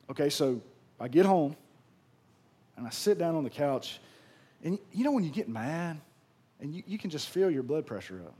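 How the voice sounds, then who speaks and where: A man preaching a sermon to his congregation, telling a story in a folksy, animated, conversational way with slangy phrasing. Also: fairly high pitch, husky. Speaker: pastor.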